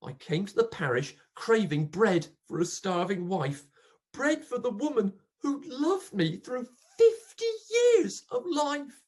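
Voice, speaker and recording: A reader voicing a bitter old pauper man, husky, slow, wildly rising and falling, melodramatic recitation. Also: mid-range voice, expressive. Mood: mournful. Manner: melodramatic, swinging from hushed to loud. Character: grief-stricken old male pauper, bitter and accusing. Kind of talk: dramatic poetry recitation.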